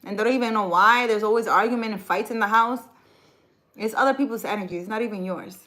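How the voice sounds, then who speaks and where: A woman's voice: fairly high pitch, fast, fairly bright tone, rough recording. A woman hosting a casual livestream, reading viewer comments aloud, teasing her viewers and then giving earnest spiritual advice.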